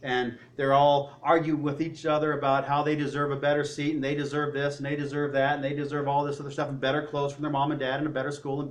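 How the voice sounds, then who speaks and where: A man preaching a sermon, swinging between loud, high peaks and low, quiet asides. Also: a little hiss or hum.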